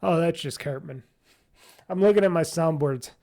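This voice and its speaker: A man's voice: a little high, normal speed, darkish tone. A man hosting a casual solo gaming podcast, talking in a rambling way full of fillers and restarts, with a nasal, stuffy, tired voice. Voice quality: nasal, gravelly. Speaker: podcast host.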